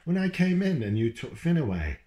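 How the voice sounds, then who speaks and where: Man reading as angry mother, seething, high raised voice, shouting, roomy echo. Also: big pitch swings, brisk. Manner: shouting, seething, near tears. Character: furious mother confronting her husband.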